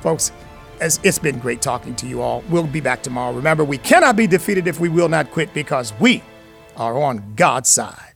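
Middle-aged guy hosting call-in radio, gravelly voice, preachy and emphatic, soft music under it. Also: on the high side, animated, normal speed. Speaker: radio talk show host. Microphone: studio microphone.

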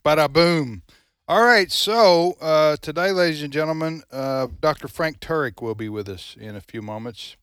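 A man's voice: on the high side, moderate pace, fairly bright tone, smooth, dry recording. A man from the American South hosting a radio talk show, joking with his co-hosts in casual studio banter.

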